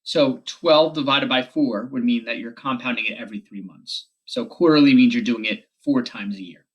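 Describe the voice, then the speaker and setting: A man teaching a math lesson on a recorded video, explaining quickly and correcting himself as he goes. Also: mid-range voice, slightly rough, highs cut off.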